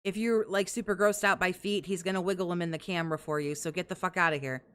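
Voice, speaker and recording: Brief: foul-mouthed, sarcastic woman riffing on clips, slightly low voice. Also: fairly even intonation, fast, clean tone. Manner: sarcastic and profane. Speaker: commentary podcast host. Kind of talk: mocking commentary over clips.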